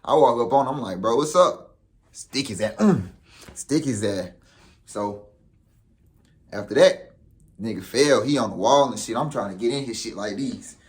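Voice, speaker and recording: A man's voice: mid-range voice, normal speed, long pauses. A young man telling a story in casual vlog style, with profane street slang. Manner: animated, profane street slang, acts out quotes. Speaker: vlogger.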